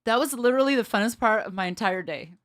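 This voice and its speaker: A woman bassist hosting a livestream, chatting casually with her viewers, excitable, laughing often and swearing mildly. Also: fast talker.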